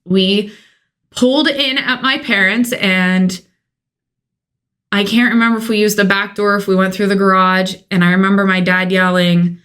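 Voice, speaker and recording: A woman's voice: medium pitch, fairly even intonation, normal speed, fairly bright tone. A woman in her thirties shares her own adoption story on a podcast. She talks in a casual, emotional storytelling way and slips into the voices of her family when she quotes them.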